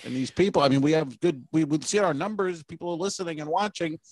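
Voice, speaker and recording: A man's voice: fairly high pitch, fast talker, darkish tone, no room sound. A man co-hosting a casual comedy podcast, telling rambling, profane stories. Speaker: podcast co-host.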